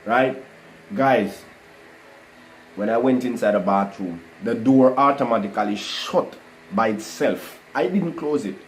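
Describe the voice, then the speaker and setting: A man telling a personal testimony to a live online audience, animated and full of "guys" and "you know". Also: medium pitch, unhurried, slight background noise, rough recording. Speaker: livestream host telling his testimony.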